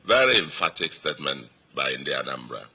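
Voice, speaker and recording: A man's voice: extremely low pitch, sing-song, brisk, bright, forceful tone, husky. A man with a Nigerian accent, a state governor giving an emphatic victory speech to supporters and repeating phrases for weight.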